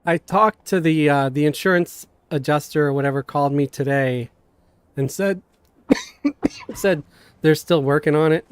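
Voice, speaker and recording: A man's voice: fairly high pitch, smooth, no room sound. Chatty New man streaming a game. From Queens, New York. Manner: halting, many fillers and restarts, animated. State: coughing now and then. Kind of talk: casual live-stream chat. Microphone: desk mic, sometimes knocked.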